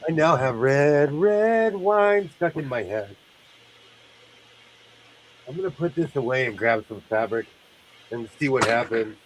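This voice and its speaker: A man's voice: mid-range voice, lively intonation, unhurried, pauses often. Congested guy rambling on a sewing stream, sounds a bit far from the mic, faint hiss. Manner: rambling, chatty, laughs often. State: congested, sinus trouble. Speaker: host of a sewing livestream. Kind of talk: casual chat while sewing.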